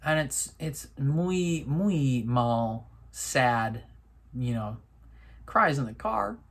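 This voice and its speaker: A man talking through his thoughts at a slow, unhurried pace. His casual commentary is loose and rambling, full of little laughs, fillers and restarts. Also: medium pitch, lively intonation. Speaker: reaction video host.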